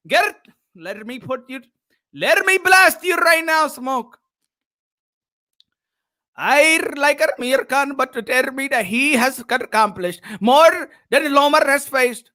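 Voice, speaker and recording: A man's voice: very high voice, animated, slow, sharp tone. A man hosting a boxing podcast who talks in a casual, joking live-stream chat and laughs and teases often.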